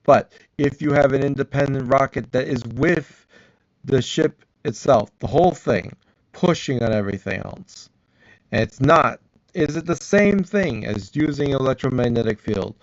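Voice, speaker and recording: A man rambles through his own theories aloud, talking back at a video as he goes. His voice sits at an ordinary middle pitch, close and dry, with a slightly dull, lo-fi sound. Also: lively intonation, normal speed, no room sound. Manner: rambling, thinking aloud, mutters to himself. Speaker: reacting vlogger. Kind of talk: arguing back at a science video.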